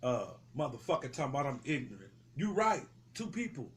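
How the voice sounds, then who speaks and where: A man's voice: mid-range voice, sing-song, brisk, fairly bright tone. A young man giving heated, profane street commentary, confrontational and repetitive, swearing freely.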